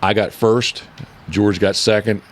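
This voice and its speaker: A man's voice: on the low side, fairly even intonation, a little slow. A man hosting a casual podcast, rambling and correcting himself often as he talks. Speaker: podcast host and decoy carver.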